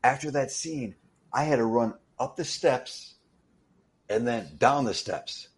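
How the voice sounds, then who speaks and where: Man, mid-pitched, casual anecdote teller who stumbles and restarts. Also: takes it slowly. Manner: animated anecdote-telling with repeated restarts. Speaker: interview guest, stuntman. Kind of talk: casual storytelling.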